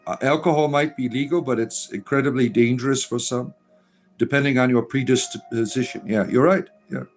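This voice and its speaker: A middle-aged man chats loosely on a livestream, reading out viewer comments and answering them. He rambles with frequent fillers and restarts in a mid-range voice. Soft music plays faintly underneath. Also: medium pitch, fairly even intonation, normal speed. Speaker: livestream host reading chat. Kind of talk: casual livestream chat.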